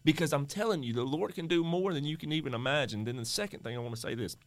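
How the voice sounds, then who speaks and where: A man's voice: a little high, fast, no echo. A man co-hosting a faith podcast, exhorting listeners directly in an emphatic, preacher-like way. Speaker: podcast co-host.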